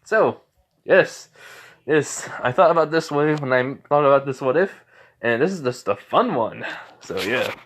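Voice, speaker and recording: A man's voice: medium pitch, expressive, unhurried, fairly bright tone. A young man hosting his own channel, chatting casually and rambling with lots of fillers and self-corrections. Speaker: channel host. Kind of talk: casual vlog intro.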